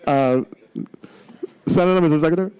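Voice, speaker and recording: A man's voice: fairly high pitch, a little fast, darkish tone, clean tone, no room sound, rough recording. A man with a Virgin Islands accent chairs a ceremonial legislative session, jovial and teasing. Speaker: presiding legislator.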